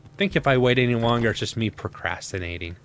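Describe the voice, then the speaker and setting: Playing a survival game, a man narrates fast in an expressive, medium-pitched voice, with a little hiss or hum audible. His casual let's-play commentary is a ramble to himself full of sarcastic asides.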